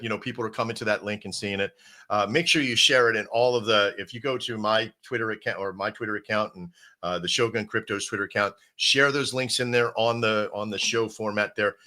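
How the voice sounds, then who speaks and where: Bright-voiced man giving a rambling pep talk. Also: fairly low pitch. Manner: rambling, coach-like pep talk with frequent restarts; addresses viewers directly as folks and brother. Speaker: crypto stream host. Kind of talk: casual livestream talk.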